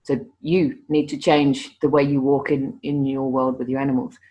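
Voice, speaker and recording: A middle-aged woman, a guest telling stories in a casual interview, lively and often repeating words as she starts a sentence. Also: very deep voice, moderate pace. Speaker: interview guest, animal communicator.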